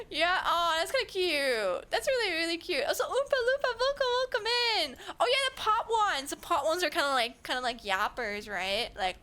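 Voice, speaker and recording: A woman's voice: sits high, big pitch swings, normal speed, pushed and bright. A young woman from Germany with a German accent, chatting casually with her stream viewers, giggling and rambling with lots of fillers. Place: home streaming setup.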